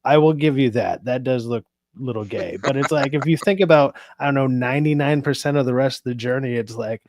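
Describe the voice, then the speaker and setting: A man's voice: mid-range voice, fairly quick, a little mellow, dry recording, clean studio sound. A man hosting a casual podcast, rambling through jokey banter. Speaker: podcast host.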